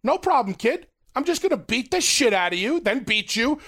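A man voicing a gruff veteran male wrestler who taunts a rookie in a matter-of-fact way, quoted in a story. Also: extremely high pitch, big pitch swings, moderate pace, fairly bright tone, pitched above the performer's own voice, full character voice. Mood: menacing.

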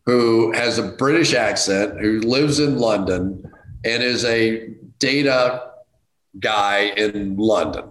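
A middle-aged man telling a casual anecdote as a guest, self-deprecating and animated, jumping to high excited outbursts. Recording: roomy echo.

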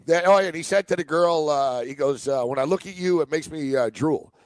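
A man's voice: a little high, fairly quick. A man co-hosting a radio show, chatting casually and animatedly telling stories, often slipping into quoted voices. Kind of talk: casual banter.

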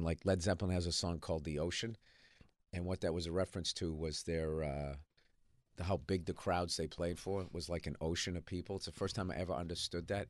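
A man tells profane, animated stories as a comedian guest on a radio talk show. His throat is a little rough from a cigar. He speaks close to a dry studio mic. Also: low voice, dry recording.

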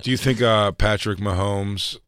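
A man co-hosting a podcast in casual comedic banter, riffing crudely into dark absurd bits. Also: on the low side, steady tone, normal speed, clean tone, no room sound, studio quality. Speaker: podcast co-host.

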